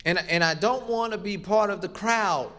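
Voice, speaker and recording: A man's voice: high-pitched, moderate pace, bright, forceful tone. A middle-aged man preaching a sermon, emphatic and rhythmic, leaning on repeated phrases and rising for stress.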